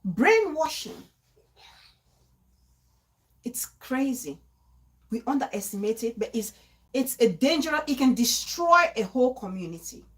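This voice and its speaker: A woman from Cameroon, hosting a live-stream talk show, reading viewer comments in an animated way, laughing often and restarting her sentences. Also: fairly high pitch, a little slow, pauses often.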